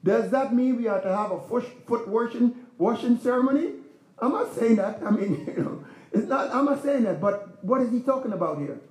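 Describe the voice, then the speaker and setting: A man's voice: extremely high pitch, expressive, moderate pace, a little mellow, reverberant. A man preaching a sermon as pastor, in a conversational style with rhetorical questions to the congregation. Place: church.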